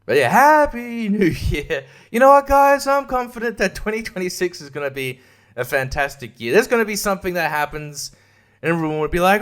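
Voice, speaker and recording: A man's voice: high voice, sing-song, brisk, fairly bright tone. An Australian man hosting a podcast, ranting in a casual monologue that is profane and sarcastic, laughing often. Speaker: podcast host and comedian.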